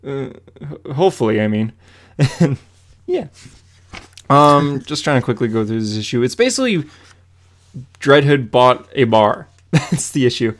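A man's voice: medium pitch, lively intonation, a little slow, long pauses, fairly bright tone. A young man rambling through a comic recap. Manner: rambling, many fillers, laughs while retelling. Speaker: podcast co-host. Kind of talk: casual comic book recap.

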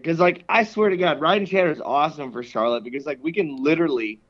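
A man in casual podcast chat, telling animated stories and swearing freely. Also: fairly high pitch, fast, lo-fi sound.

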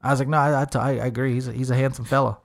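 A man's voice: mid-range voice, very fast, creaky. Young man telling a story animatedly. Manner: animated storyteller, swears a lot, acts out quoted voices. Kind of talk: casual storytelling chat.

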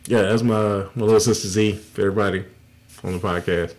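A man's voice: fairly low pitch, fairly even intonation, brisk, a little mellow, slight background noise. Blunt, foul-mouthed podcast host man. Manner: profane, blunt, laughs easily. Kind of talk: casual chat.

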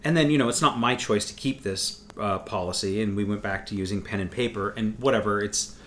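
A man's voice: fairly low pitch, brisk, a bit bright, a little hiss or hum. A man chatting casually as a co-host, rambling and swearing freely with frequent restarts. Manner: rambling, profane, restarts often. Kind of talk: casual chat.

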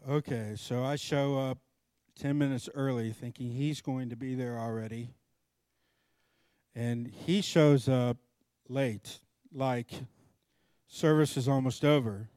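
A middle-aged man preaching with a storyteller's flair, acting out every voice in his anecdote. His voice sits at a middle pitch and swings between hushed asides and sudden loud bursts. The recording is close and dry, with no room around it. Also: slow pace, long pauses, no echo. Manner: animated storyteller, acts out both sides of dialogue. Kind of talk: storytelling sermon.

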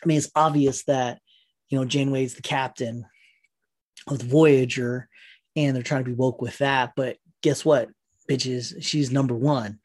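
Man, husky voice, casual rambling rant, swears a lot, animated. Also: medium pitch, measured pace. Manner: rambling, profane, animated retelling.

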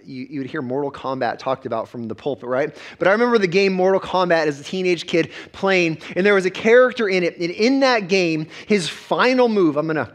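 A man, a pastor preaching a sermon with emphatic repetitions and quick restarts. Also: sits high, lively intonation.

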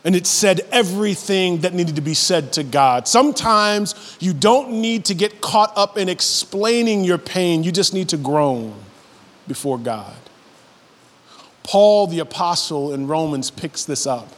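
A man in his thirties preaching a sermon, who builds to high, animated passages and acts out voices in his stories. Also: measured pace, big-room sound. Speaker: pastor.

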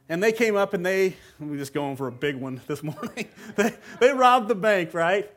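At a moderate pace with hardly any pauses, a male pastor whose voice runs fairly high gives a sermon. His tone toward the congregation is easygoing and conversational until he leans into certain words and repeats phrases to drive them home.

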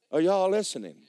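A man preaching a sermon as pastor, swinging from shouted bursts to low, quiet lines and acting out dialogue. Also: no room sound. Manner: acts out dialogue in dramatized voices. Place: church sanctuary.

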